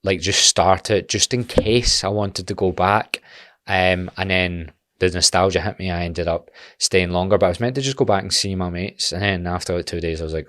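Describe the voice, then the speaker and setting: A man's voice: low voice, moderate pace, no room sound, studio quality. A Scottish man in his twenties talking bluntly and animatedly in a casual podcast monologue, swearing freely. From Scotland. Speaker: podcast host.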